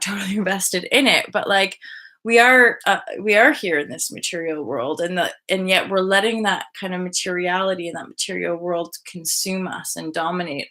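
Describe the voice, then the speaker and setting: A woman in her thirties hosting a spiritual live vlog in a rambling, animated, casual way, often sidetracking and jumping into high gushing voices. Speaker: spiritual vlogger hosting a live energy update.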